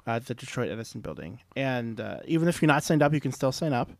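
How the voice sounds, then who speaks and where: A man's voice: medium pitch, big pitch swings, quick pace, creaky, no echo. A man co-hosting a casual talk radio show, passing along community news in a chatty way. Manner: chatty, relaying news with fillers. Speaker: radio co-host. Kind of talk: casual chat.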